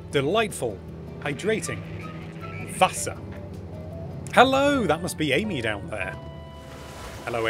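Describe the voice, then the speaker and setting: A man hosting a casual game livestream, excitable and chatty, exclaiming as he goes. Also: medium pitch. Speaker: livestream host.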